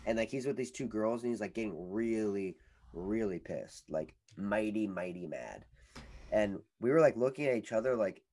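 Rambling young man, low voice. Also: lively intonation, moderate pace, a little mellow. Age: young adult. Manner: rambling storyteller, heavy use of "like". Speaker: podcast co-host. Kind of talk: casual chat.

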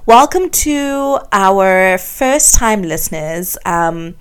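A woman's voice: mid-range voice, animated, very slow, clear, resonant tone. A young woman from South Africa, hosting her own podcast from her bed in a candid, confessional chat. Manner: candid and confessional, many fillers like um and like. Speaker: podcast host. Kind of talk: casual solo podcast chat. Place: her bedroom, recording from bed.

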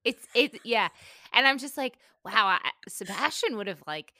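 A woman with a bright, slightly high voice chats casually on a podcast. She is relaxed and agreeable and chimes in often. The sound is dry and close. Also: moderate pace, no echo. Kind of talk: casual chat.

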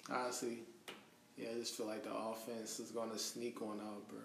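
A man with a gravelly, creaky voice talks sports in a laid-back way, calling people bro. He sits back from the mic in an echoey room, with faint noise around him. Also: fairly low pitch, flat delivery, moderate pace, distant mic. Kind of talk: casual sports talk.

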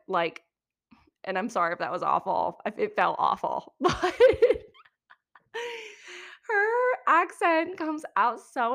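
A young woman hosting a podcast, giving a chatty, opinionated recap of reality TV with quick asides. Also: mid-range voice, a bit bright. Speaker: podcast host.

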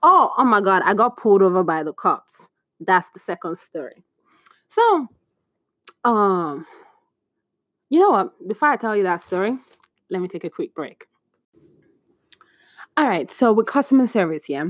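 A young woman in casual storytime chat, chatty and animated, acting out bits of dialogue with exclamations. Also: mid-range voice, measured pace, long pauses, no room sound, clean studio sound. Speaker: vlogger.

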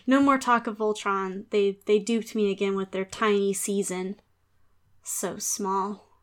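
A woman's voice: medium pitch, fairly even intonation, a little slow. A woman hosting a podcast in casual chat, laughing often and rambling playfully. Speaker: podcast host.

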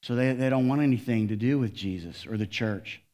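A man preaching from the pulpit in an animated sermon. His voice sits at an ordinary middle pitch. He drops low and soft, then climbs loud and high for emphasis. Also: fairly quick. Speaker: pastor.

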